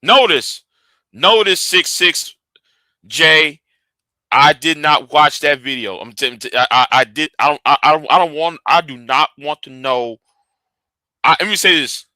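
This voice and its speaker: A man's voice: fairly high pitch, lively intonation, measured pace, pushed and bright, no echo. A man hosting a live stream, ranting and arguing, often stumbling and repeating his words as he restarts sentences.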